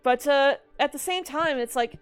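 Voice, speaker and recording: A woman giving casual movie commentary in an animated, exasperated, rambling way. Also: high-pitched, moderate pace, faint music behind. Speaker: video commentator.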